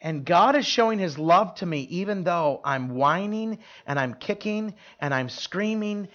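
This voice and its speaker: A man's voice: high voice, expressive, a little slow, fairly bright tone, muffled recording. A man preaching a sermon, telling stories in an earnest, emphatic way with frequent restarts. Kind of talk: sermon storytelling.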